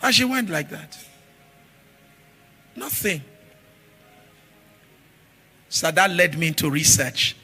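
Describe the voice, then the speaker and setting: Animated pastor, bright tone. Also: male voice, sits high, slow pace, long pauses, breathy edge, soft background music. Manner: animated storytelling, shifting from shouts to murmurs. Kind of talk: sermon.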